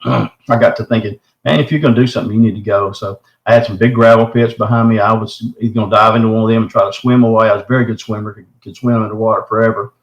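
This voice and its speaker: An earnest middle-aged man tells his own story in a folksy, plain-spoken way. His voice sits fairly low. The recording sounds roomy, with a noticeable echo. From Texarkana area, southern United States. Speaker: caller telling his encounter. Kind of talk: recounting a personal story.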